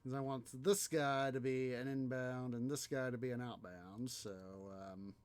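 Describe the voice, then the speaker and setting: A man's voice: medium pitch, fairly even intonation, measured pace, smooth. A man hosting a city-building game video, musing aloud in rambling casual commentary full of fillers. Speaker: let's play host.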